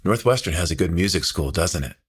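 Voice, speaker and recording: A man's voice: sits low, expressive, fairly quick, breathy edge, heavily acted. A man voicing his eager teenage son, a shy boy who turns chatty and upbeat with questions. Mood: excited. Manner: upbeat, questioning, casual teen talk.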